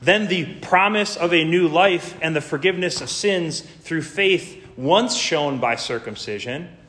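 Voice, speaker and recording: A man's voice: on the high side, fairly bright tone. A man preaching a sermon in an earnest, emphatic way, building lists and drawing out key words. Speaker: pastor.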